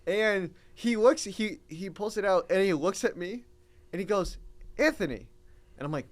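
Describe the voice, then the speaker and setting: A young man co-hosting a podcast, telling a story in an excitable, animated way and laughing through it. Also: high-pitched, normal speed. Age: young adult. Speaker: podcast co-host. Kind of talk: casual storytelling chat.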